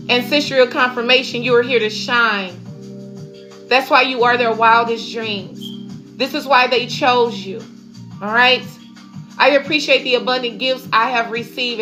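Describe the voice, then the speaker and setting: Emphatic spiritual reader woman with music. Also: on the high side. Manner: emphatic, preachy, slang-filled. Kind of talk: tarot and oracle reading. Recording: music playing behind.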